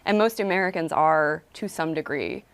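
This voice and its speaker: A woman's voice: deep voice, lively intonation, moderate pace, clear, resonant tone, dry recording. A young woman answering an interview question, thoughtful and hedging, with fillers and a rising uptalk inflection. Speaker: interviewee, author.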